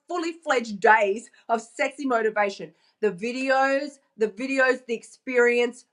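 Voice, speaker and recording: A woman's voice: on the high side, fairly bright tone. A woman coach giving a bubbly, playful and emphatic motivational vlog, talking into her phone.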